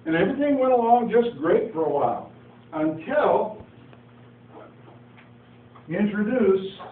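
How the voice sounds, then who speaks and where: A preacher with a high, sing-song voice speaks at a measured pace, giving an informal Bible teaching. He tells the story in a homespun way, acting out dialogue with asides. The sound is narrow and tinny from a distant phone, echoey with faint noise.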